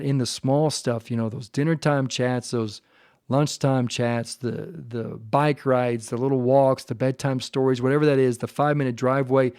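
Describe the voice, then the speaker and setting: A man hosting a podcast, talking earnestly and with deep feeling about his family and faith, at times choked up. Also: a little mellow, no room sound, clean studio sound. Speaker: podcast host. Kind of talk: heartfelt faith-based podcast monologue.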